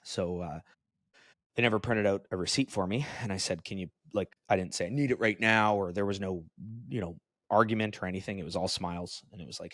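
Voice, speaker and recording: Male podcast co-host, very low voice, dry close sound, casual storytelling. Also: fairly quick, dry recording. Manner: storytelling, animated when quoting others.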